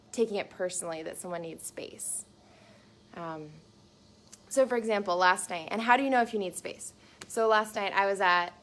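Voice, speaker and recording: A young adult woman speaking live to viewers from her small home into a phone camera, in an earnest, chatty way full of likes and ums. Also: medium pitch. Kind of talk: live-streamed casual talk to viewers.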